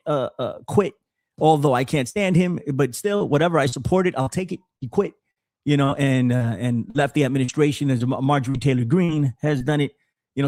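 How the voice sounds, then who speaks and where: Animated stammering male podcast host. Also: on the high side, dry recording, studio quality. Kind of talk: casual political commentary.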